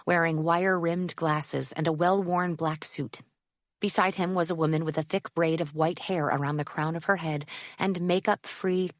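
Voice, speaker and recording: Lady reading a romance audiobook, low voice, super dry close mic. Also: no echo. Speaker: audiobook narrator. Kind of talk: scripted narration.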